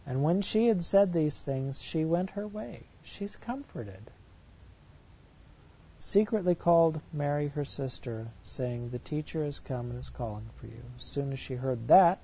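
Dark-voiced man preaching a sermon. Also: fairly high pitch, breathy edge, poor audio. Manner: reads verses aloud then comments, with rhetorical questions. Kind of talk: sermon, reading and commenting on scripture.

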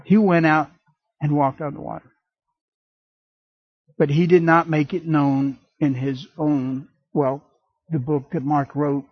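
Animated male preacher, husky voice. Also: fairly high pitch, dry recording, dull audio. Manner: animated, acts out voices and asides with jokes. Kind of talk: sermon.

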